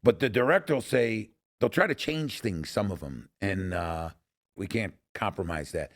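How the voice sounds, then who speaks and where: Hosting a podcast, a middle-aged Chicago man who also works as a technical advisor shares stories in a casual interview, performing the lines he quotes. He speaks at a moderate pace in a lowish voice.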